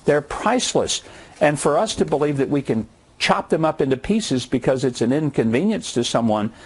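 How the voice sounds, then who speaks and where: Brief: emphatic man in his sixties, husky voice, lively pitch, preacher's cadence. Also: moderate pace. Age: 60s. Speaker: guest commentator. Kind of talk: impassioned TV commentary. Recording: studio TV broadcast.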